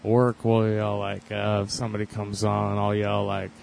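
Gravelly laid-back man co-hosting. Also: fairly low pitch, monotone, normal speed, a little mellow, slight background noise. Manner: laid-back, swears casually. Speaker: podcast co-host. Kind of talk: casual chat.

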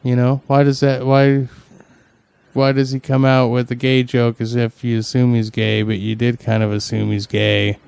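A man's voice: medium pitch, monotone, normal speed, creaky, a little mellow, smooth, no echo. A man co-hosting a casual podcast chat, musing aloud and asking wry questions. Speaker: podcast co-host.

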